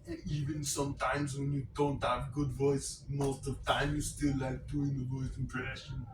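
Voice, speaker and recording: A man's voice: mid-range voice, flat delivery, moderate pace. A man vlogging casually to camera, rambling and self-mocking, with a dry throat, recorded on a phone. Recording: roomy, distant phone recording, background hiss.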